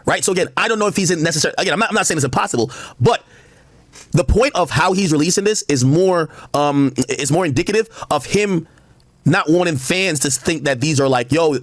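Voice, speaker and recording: A man on a live stream debating, quick and defensive, cutting in to argue his point. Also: a little high, lively intonation, dry recording. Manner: rapid, defensive, talks over others.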